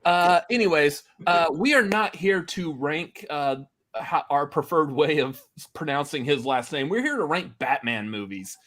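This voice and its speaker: A man hosting a film podcast with a slightly high voice, keeping the talk light and jokey. He chats casually with his guests and laughs often. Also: animated, unhurried, a bit bright. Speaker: podcast host. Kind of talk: casual chat.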